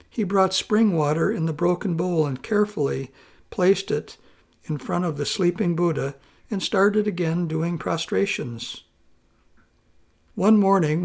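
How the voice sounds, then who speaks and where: Brief: male storyteller, high-ish voice with gravelly fry, calm measured reading. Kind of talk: storytelling narration.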